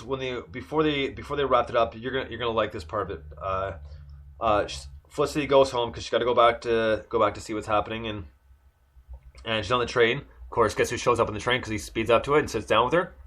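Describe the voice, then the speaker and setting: A man's voice: mid-range voice, a little fast, a bit bright. A man on a podcast chatting casually through an episode recap, full of fillers and restarts. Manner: rambling, many fillers and restarts. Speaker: podcast co-host.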